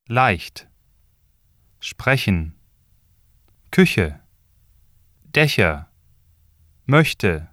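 A man modeling pronunciation in a slow, word-by-word drill. Each word is carefully enunciated with lively pitch movement. The sound is dry and close. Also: no echo. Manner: deliberate, carefully enunciated single words.

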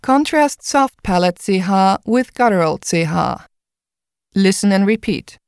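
A woman explaining pronunciation in a measured, scripted teaching style. Her voice is smooth and clear. The recording is dry and close. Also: mid-range voice, expressive, a little mellow, no room sound. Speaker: language instructor. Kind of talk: scripted instructional narration.

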